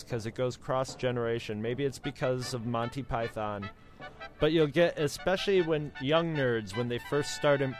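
An American man co-hosting a casual chat, rambling with many restarts as he talks. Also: mid-range voice. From United States. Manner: rambling, with many restarts and impressions of other accents.

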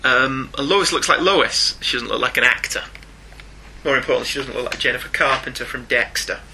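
Bright-voiced Northern English man recapping. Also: mid-range voice, a little fast, a little hiss or hum. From North of England. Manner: recaps comic plots with dry asides. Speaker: podcast co-host. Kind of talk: casual chat.

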